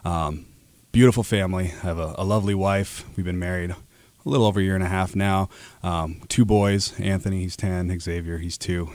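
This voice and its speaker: A man's voice: low voice, fairly even intonation, a little fast, darkish tone, no echo. A man in his thirties from Alaska, a radio guest talking earnestly about his work with many fillers and restarts. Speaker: guest, ad sales rep. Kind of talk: casual interview talk.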